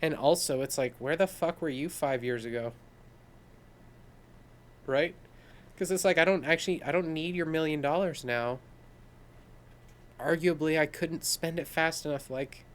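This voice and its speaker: A man's voice: a little high, moderate pace, pauses often. A man co-hosting a podcast, talking casually and swearing freely as he tells stories. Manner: swears freely, animated storytelling with laughs. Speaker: podcast co-host. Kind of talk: casual conversation.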